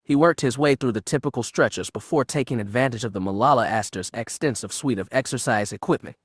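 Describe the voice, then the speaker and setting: A man reads a space-adventure novel aloud in a measured, even narration. His voice sits in a middle register, and the recording is dry and close with no room sound. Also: mid-range voice, husky, dry recording. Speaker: audiobook narrator. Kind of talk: audiobook narration of fan fiction.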